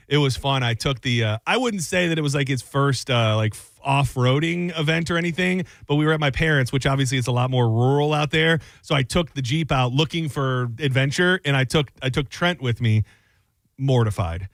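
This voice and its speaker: A man's voice: medium pitch, fairly quick, a bit bright, no room sound, clean studio sound. A young adult man hosting a radio talk show, rambling, laughing often and trailing off, who also reads ads live. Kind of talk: casual talk radio banter with live ad read.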